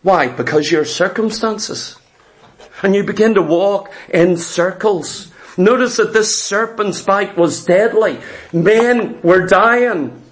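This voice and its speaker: A man's voice: high-pitched, slow pace. A man preaching a sermon with an emphatic, repetitive cadence.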